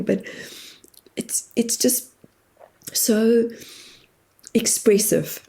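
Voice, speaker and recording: A woman with a husky, gravelly voice and a warm, mellow tone speaks as a podcast guest. She tells heartfelt personal stories openly, close to tears and laughing through them. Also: medium pitch, unhurried. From immigrated to New Zealand. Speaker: guest, spiritual medium and therapist. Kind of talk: emotional personal storytelling.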